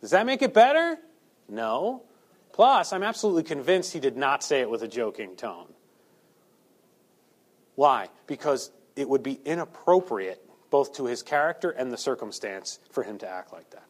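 A man's voice: medium pitch, sing-song, moderate pace. A male preacher delivering a sermon, asking the listeners rhetorical questions and acting out quotes.

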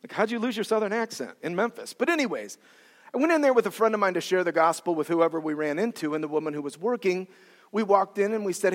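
A male preacher giving a sermon in an animated, dramatic way, acting out quotes with different voices. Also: sits high, fast talker. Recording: long reverb of a large hall.

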